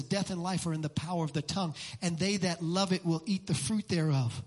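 A middle-aged man preaching a sermon as pastor, fervent and repetitive, building up to shouts. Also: sits high. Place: church sanctuary. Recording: long hall reverb in a church.

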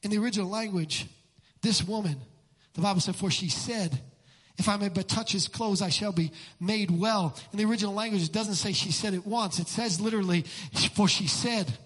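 Middle-aged male pastor, fervent sermon delivery, high and forceful tone, big echoing sanctuary. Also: a little fast, slightly rough. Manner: fervent, repetitive preaching that builds to shouts. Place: church sanctuary. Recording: long hall reverb in a church.

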